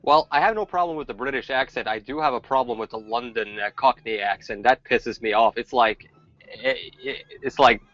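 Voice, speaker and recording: A man's voice: medium pitch, brisk, a bit bright, dry recording, highs cut off. A man in casual chat on a podcast panel, blunt and profane, laughing often. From not born in the United States.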